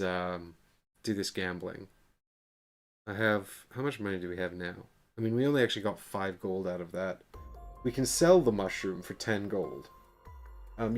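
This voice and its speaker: A man streaming a board game, chatting casually and self-deprecatingly while reading the game text aloud. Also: on the low side.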